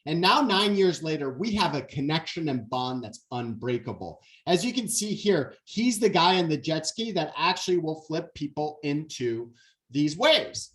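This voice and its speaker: A man in his forties giving a motivational keynote talk, telling stories in an animated way and acting out the quotes. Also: fairly high pitch, normal speed. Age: 40s. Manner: animated storyteller, acts out quotes. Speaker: keynote speaker.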